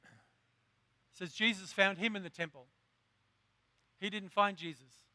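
A man preaching a sermon as pastor, impassioned, drawing out words slowly for emphasis and rising to shouts. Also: sits high, steady tone, no echo.

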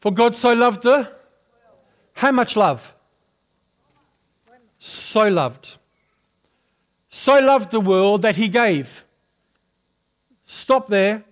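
A man preaching a sermon in a high, light voice and a slow, deliberate delivery. He often stops to question the congregation and draw out an amen, and he clears his throat from time to time. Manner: calls for responses from the congregation, often asks questions. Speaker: pastor.

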